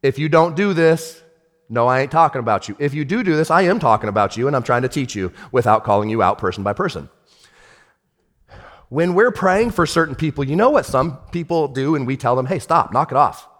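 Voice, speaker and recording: A man preaching a sermon as pastor, animated, swinging from shouted lines to hushed ones. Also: mid-range voice, fairly quick, long reverb tail.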